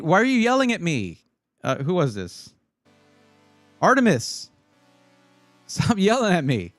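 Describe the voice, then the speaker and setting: A man in the middle of his pitch range, talking over a close, dry mic while soft music plays faintly under him. He chats with his stream's viewers in a loose, rambling way, restarting phrases and joking with the chat as he gives buying advice. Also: no room sound. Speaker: livestream host giving PC buying advice. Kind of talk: casual livestream chat reading viewer comments.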